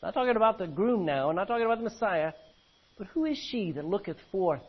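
A man pastor preaching a sermon, reading old-fashioned scripture aloud and swinging between loud emphasis and low, quiet lines. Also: big pitch swings, brisk, husky. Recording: dull lo-fi recording.

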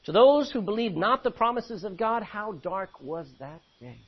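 A man preaching a sermon, animated, acting out voices from the scripture he reads. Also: high-pitched, normal speed, husky. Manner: animated, acts out biblical voices. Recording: dull lo-fi recording.

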